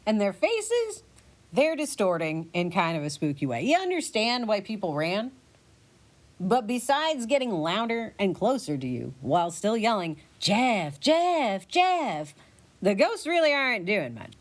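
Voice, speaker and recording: A woman narrating a choose-your-own-adventure story in the second person, playful and animated. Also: mid-range voice, normal speed. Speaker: podcast narrator.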